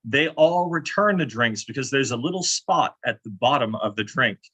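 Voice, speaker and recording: A man improv player delivering pun jokes in a wry, deadpan way. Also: medium pitch, moderate pace, breathy edge, low-quality recording. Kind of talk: casual joke telling.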